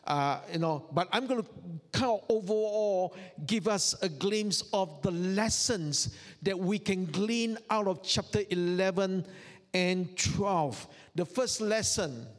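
A male pastor delivers a sermon at an unhurried, deliberate pace. His voice sits high for a man, and it rings out with the long reverb of a large hall. He leans on rhetorical questions and repeats key phrases earnestly. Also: fairly bright tone.

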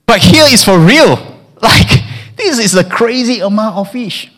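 A man preaching a sermon in a lively way. He often stammers and repeats words, and he acts out the people in the story. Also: high-pitched, measured pace.

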